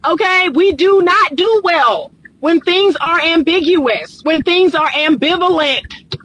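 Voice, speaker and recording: A woman's voice: extremely high pitch, expressive, slow, a bit bright, dull audio. A woman relationship coach, giving an emphatic live-streamed talk and repeating her points for emphasis. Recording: dry close phone mic.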